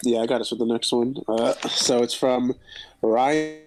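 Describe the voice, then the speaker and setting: A man co-hosting a podcast, relaxed as he reads out listener questions. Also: mid-range voice, unhurried, background noise. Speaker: podcast co-host. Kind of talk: casual chat.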